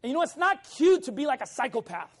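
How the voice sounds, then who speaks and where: Casual, animated male preacher. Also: very high-pitched, quick pace. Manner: casual and animated, keeps checking in with the listeners. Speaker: pastor. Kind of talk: sermon with a personal story.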